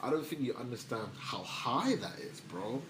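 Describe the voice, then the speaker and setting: A man's voice: mid-range voice, animated, moderate pace. Slangy man in an echoey room. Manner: slangy and chatty, with offhand asides. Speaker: news vlog host. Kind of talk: casual news commentary. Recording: echoey room, faint background noise.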